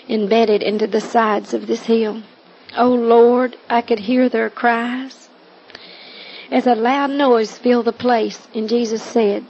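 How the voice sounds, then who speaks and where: A woman recounting her testimony as a taped sermon, earnest and pleading, slowing to stress her words. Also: a little high, gravelly, a little mellow. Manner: earnest, pleading, slow and emphatic. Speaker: evangelist telling her testimony. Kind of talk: recorded testimony sermon on tape. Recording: dull lo-fi tape recording with faint hiss.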